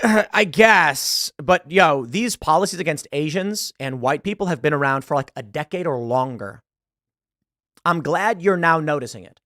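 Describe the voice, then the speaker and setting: Guy doing political commentary online, emphatic, keeps repeating himself, lively swings in pitch. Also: normal speed, no echo, studio quality. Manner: emphatic, repeats words when heated.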